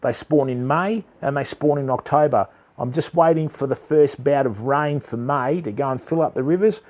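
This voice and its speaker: A man's voice: medium pitch, normal speed, a little mellow. A laid-back Australian man with a slangy manner, chatting casually to live-stream viewers while showing fishing tackle. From Western Australia. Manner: rambling, with many fillers.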